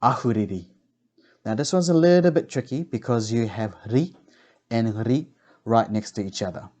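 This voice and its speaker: A man teaching pronunciation, slowly enunciating sounds and words for the listener to repeat. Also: mid-range voice, darkish tone. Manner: slow, deliberate, carefully enunciated drilling. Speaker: language teacher. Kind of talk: pronunciation lesson.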